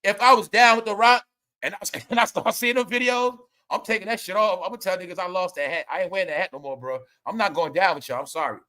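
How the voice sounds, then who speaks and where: A young man hosting a live gossip commentary stream, loud and laughing, often calling out to viewers. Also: high-pitched, quick pace. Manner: loud, laughing, repetitive, addresses viewers as y'all. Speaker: commentary host.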